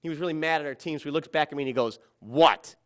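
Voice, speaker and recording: A middle-aged man telling a personal story about a children's ball game, dramatic and quoting others in softer or louder voices. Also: a little high, steady tone, racing, clear, resonant tone.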